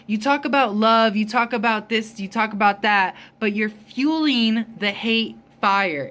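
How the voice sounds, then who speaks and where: A woman's voice: mid-range voice, a bit bright, slight background noise. A woman vlogger ranting in a heated, emphatic way, with frequent swearing. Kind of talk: ranting storytime vlog.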